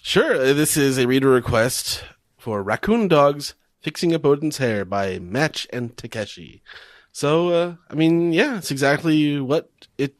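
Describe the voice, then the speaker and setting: A man's voice: fairly high pitch, animated, unhurried, no room sound. A man co-hosting a podcast, animatedly recapping a comic chapter in casual chat and laughing often.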